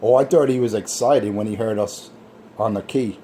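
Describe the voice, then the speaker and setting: A man's voice: on the low side, normal speed, mellow, a little hiss or hum. A man in casual trash talk, scornful and ranting.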